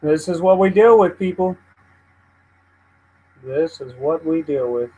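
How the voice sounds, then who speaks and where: A man hosts a loose live news stream, his voice pitched a touch above the usual. He rambles, swears freely and vents his frustration out loud between updates. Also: a little slow, poor audio. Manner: profane, easily frustrated, rambling. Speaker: livestream host.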